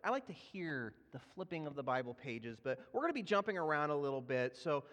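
Pastor, man, 30s, high-pitched, chatty sermon storytelling, hall reverb. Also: sing-song, fairly quick, a bit bright. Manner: conversational, self-deprecating, with frequent fillers and restarts. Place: church sanctuary. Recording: echoey hall.

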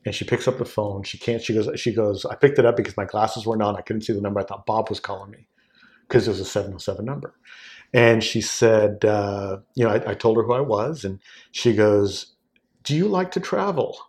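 Brief: forties, fairly low male voice, lively storyteller who jumps up high for quotes. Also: fairly quick. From Southern California. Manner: animated, acts out quoted voices with big pitch jumps. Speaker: guest, wine sales executive. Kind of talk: casual anecdotal storytelling.

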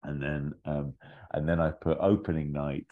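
A man's voice: extremely low pitch, steady tone, moderate pace, phone-quality sound. A man in casual podcast chat, rambling through a story idea with many fillers and restarts. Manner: rambling, acts out lines in bits.

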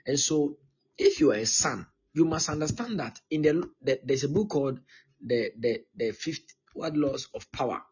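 Male pastor, 30s, very husky tone, insistent repetitive teaching style, muffled lo-fi stream. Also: a little high, lively intonation, moderate pace, darkish tone. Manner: emphatic and repetitive, often checking in with "okay?". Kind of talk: live-streamed teaching sermon.

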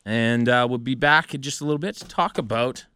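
A man's voice: medium pitch, brisk, sharp tone, smooth, no room sound, studio quality. A man hosting a casual podcast, recapping events from notes in a laid-back way with joking asides. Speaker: podcast host. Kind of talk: casual wrestling podcast chat.

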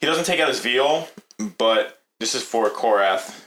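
A man's voice: mid-range voice, lively intonation, measured pace, fairly bright tone. A man playing a tabletop game, chattily describing his character's actions. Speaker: player. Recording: echoey room with faint noise.

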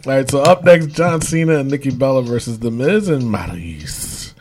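A man's voice: medium pitch, animated, darkish tone, slight background noise. A young adult man hosting a casual wrestling predictions podcast, laughing often. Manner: laughs often, quick-talking. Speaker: podcast host.

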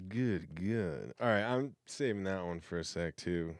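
A man's voice: low-pitched, lively intonation, a little slow, dry recording. A man in a casual chat, reading messages aloud in a rambling, self-interrupting way and laughing often. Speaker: host reading messages from coworkers.

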